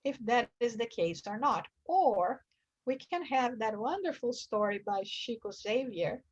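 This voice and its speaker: A high-pitched woman speaks slowly and earnestly as she teaches a religious study class, reading a passage and then explaining it. The sound is muffled and a bit lo-fi, like a call recording. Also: animated. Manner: earnest, acts out quoted screams with high bursts.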